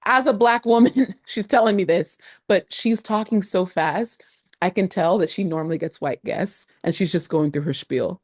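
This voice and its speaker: A woman travel vlogger chatting casually to camera, animated and expressive, with frequent laughter and asides. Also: lowish voice, normal speed, no echo, clean studio sound. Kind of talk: casual talking-to-camera vlog.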